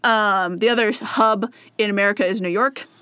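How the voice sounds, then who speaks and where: A woman's voice: medium pitch, fairly even intonation, brisk, sharp tone, clear, resonant tone, no room sound, clean studio sound. A young woman co-hosting a podcast in casual chat, laughing often and talking with many fillers. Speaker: podcast co-host.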